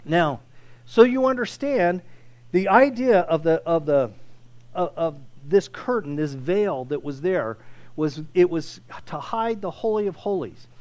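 A male pastor delivers a sermon in a high-pitched voice. He talks conversationally to his congregation, restarting phrases often, then swells loud to drive a point home. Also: lively intonation, measured pace.

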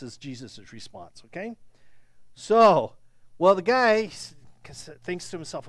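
A man's voice: sits high, sing-song, measured pace, no room sound. A male pastor preaching a sermon, speaking in a conversational way and checking in with "okay?".

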